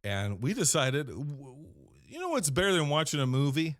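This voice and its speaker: A man hosting a podcast, rambling through a comedic in-character monologue with deadpan storytelling and self-corrections. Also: a little high, normal speed, no echo, studio quality. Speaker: podcast host.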